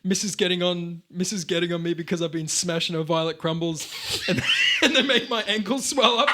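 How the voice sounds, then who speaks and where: A man's voice: sits high, brisk, background noise, natural voice. A man with an Australian accent putting on a crude, chummy middle-aged Aussie bloke with a teasing, matey manner. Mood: joshing. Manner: blokey, matey, teasing, laughing through lines.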